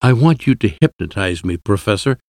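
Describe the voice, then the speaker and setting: A man's voice: lowish voice, animated, moderate pace, darkish tone, no room sound, studio quality. A light-voiced young woman, read by a man. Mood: eager. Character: young woman, frightened but resolute wife.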